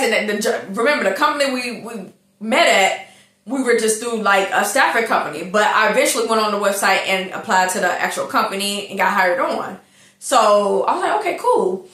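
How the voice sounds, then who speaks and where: A woman telling a personal story in a casual, animated monologue, talking straight to her listeners. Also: fairly high pitch. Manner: chatty, animated, addresses listeners as y'all. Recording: echoey room.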